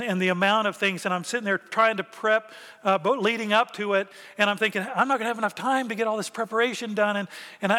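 A man's voice: high voice, bright, forceful tone, long reverb tail. A man preaching a conversational sermon as pastor, acting out quoted thoughts along the way. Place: church sanctuary.

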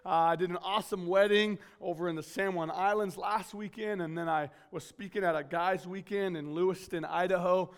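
A man with a notably high voice delivers a relaxed church sermon. He talks like he's chatting with friends, loose and self-deprecating, scattering fillers through his stories. He's from California and sounds to be in his thirties. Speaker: guest preacher at his home church. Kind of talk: casual storytelling sermon.

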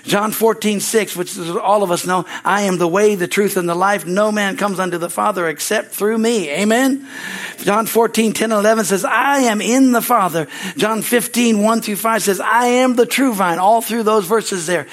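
High-voiced preaching pastor. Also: male voice, moderate pace. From United States. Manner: excitable preaching, rising to loud exclamations; repeats phrases for emphasis, calls for amens. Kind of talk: sermon.

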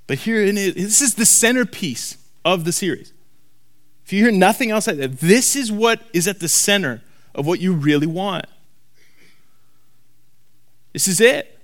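A man preaching a sermon to a congregation. He talks emphatically and repeats key lines slowly for weight. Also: high-pitched, lively intonation, fairly bright tone. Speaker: pastor. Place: church hall before a congregation.

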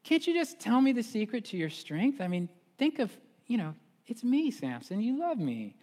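A male pastor voicing a nagging, pleading young woman in a high, whiny falsetto. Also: big pitch swings, normal speed, warm tone, big-room sound, full character voice.

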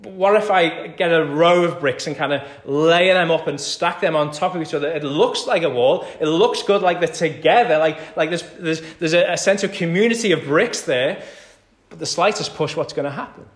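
A man's voice: on the high side, normal speed. Man preaching in an echoey church. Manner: conversational preaching, repeats key phrases, swings from hushed to loud. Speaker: pastor. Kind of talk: sermon. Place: church hall.

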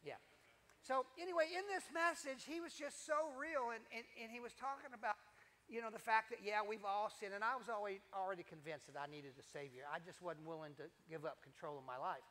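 Older man, preaching sermon testimony, bright tense voice, long hall reverb. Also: sits high, fairly quick. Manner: animated storytelling with repetitions and asides to the congregation.

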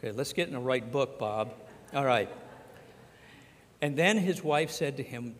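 A man's voice: medium pitch, expressive, a little slow, pauses often. A man preaching a sermon as pastor, talking conversationally and acting out the scripture dialogue. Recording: long hall reverb.

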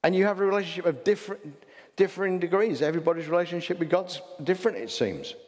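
A fast-talking pastor with a high voice and a Hull English accent delivers a chatty sermon. Rhetorical questions and restarts come thick and fast, and the sound has a long hall reverb.

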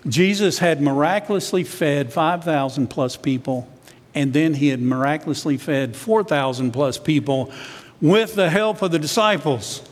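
A man's voice: fairly high pitch, normal speed, big-room sound. A man, a church elder, preaching a sermon in a conversational way, sometimes acting out what the disciples said.

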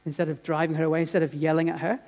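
Earnest preacher with dramatic hushes. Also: male voice, a little high, flat delivery, racing. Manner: earnest dramatic storytelling with swings between loud and hushed. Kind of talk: sermon.

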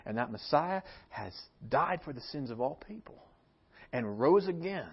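A man preaching a sermon as pastor of a church, swinging from soft, quiet lines to emphatic, raised ones. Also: on the high side, expressive, moderate pace, husky, dull audio. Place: church sanctuary.

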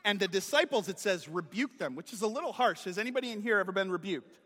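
A man, a pastor, giving a playful, animated children's sermon, talking straight to the kids. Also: high voice, quick pace. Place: church sanctuary. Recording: long hall reverb.

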